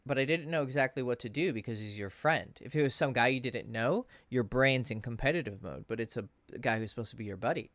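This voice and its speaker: A man's voice: mid-range voice, fast talker, few pauses, no room sound. A man coaching on dating, telling a story in a casual, profane livestream Q&A and acting out the people he quotes. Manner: casual, profane, animated when quoting others.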